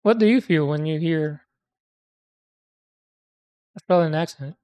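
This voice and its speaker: A woman in casual conversation, speaking in a relaxed, thoughtful way. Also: sits low, measured pace. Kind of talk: casual chat.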